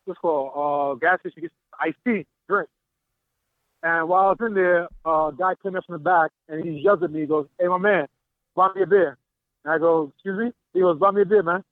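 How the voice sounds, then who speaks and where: Over a tinny, dry phone line, a caller with a fairly high voice recounts a confrontation to a talk show. He's at a gym and plays out the exchange with animated dialogue.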